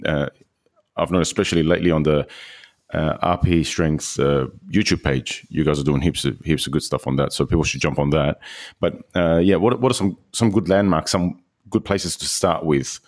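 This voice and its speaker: A man's voice: rumbling low, fairly even intonation, moderate pace, a little mellow. A man hosting an interview, asking questions hesitantly with many "uh" fillers. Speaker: podcast host.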